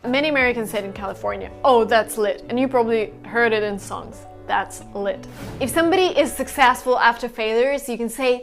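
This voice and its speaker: Lively woman teaching everyday phrases. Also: fairly high pitch, quick pace, soft background music. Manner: lively, acts out example phrases. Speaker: English teacher. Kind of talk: casual phrase lesson.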